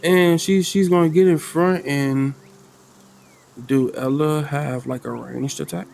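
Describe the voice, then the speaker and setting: A man's voice: on the high side, steady tone, unhurried, vocal fry, darkish tone, slight background noise. Slangy laid-back man narrating a solo game. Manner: loose, slangy, thinking aloud with laughs. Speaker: game master playing solo. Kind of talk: casual tabletop game narration.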